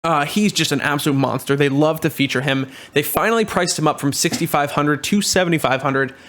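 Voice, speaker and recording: Quick, filler-heavy man breaking down football picks. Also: a little high, fairly bright tone. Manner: quick, loose delivery with many ums and uhs and restarts. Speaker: fantasy football analyst. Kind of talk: casual screen-share commentary.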